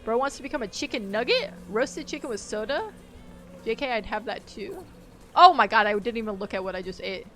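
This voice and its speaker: Streaming a game, a woman rambles through casual chat and laughs easily while she plays. Her voice is fairly high, animated and a bit bright, her pace a little fast, with soft music in the background.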